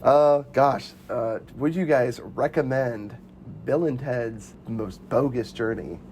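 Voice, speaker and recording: Laughing, animated young man chatting. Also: medium pitch, slow, a little hiss or hum. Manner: animated, laughs often, lots of fillers. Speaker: podcast co-host. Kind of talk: casual movie chat.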